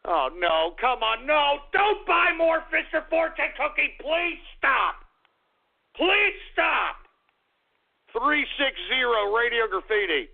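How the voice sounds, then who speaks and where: A man hosting a call-in radio show, ranting angrily and swearing with a profane shouting manner. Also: extremely high pitch, very animated, slow pace, creaky. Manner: angry, profane shouting rants. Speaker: radio host. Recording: tinny lo-fi radio sound.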